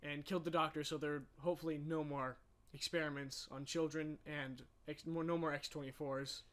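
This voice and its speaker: This man has a bright, sharp tone that sits a bit high for a man. He co-hosts a casual podcast and recaps films with plenty of emotion, getting animated as he goes. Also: a little fast. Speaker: podcast co-host. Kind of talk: casual movie chat.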